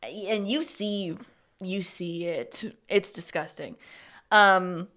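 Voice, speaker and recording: A young woman co-hosting a podcast, casually retelling a horror movie plot with lively acted-out lines and casual swearing. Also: lowish voice, slow. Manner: animated storytelling, acting out lines, swears casually. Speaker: podcast co-host.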